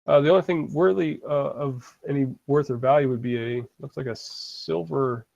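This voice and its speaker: A man narrating as dungeon master over an online game, halting and full of fillers. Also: fairly high pitch, gravelly, darkish tone, no room sound, dull audio. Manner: hesitant, halting descriptions with many fillers.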